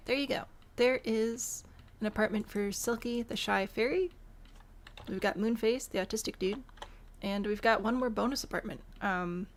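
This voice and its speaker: Her mid-range voice is gravelly, and a little hiss or hum can be heard. She's a young Michigan woman with a mild Midwestern accent, casually live streaming as she builds in a game, talking through her thoughts and responding to chat.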